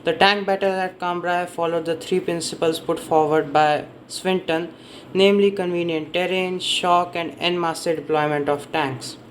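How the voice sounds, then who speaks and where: A man's voice: a little high, steady tone, moderate pace, slight background noise, poor audio. A man giving a casual spoken summary of a history book, rambling and often correcting himself as he stumbles over names and dates. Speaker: book reviewer.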